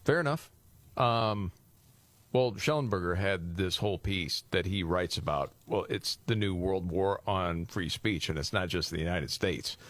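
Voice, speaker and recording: Low-voiced wry talk show host. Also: male voice, measured pace, no echo. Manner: wry, teasing, steers the conversation with questions. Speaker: podcast co-host leading the segment. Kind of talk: casual news talk show banter.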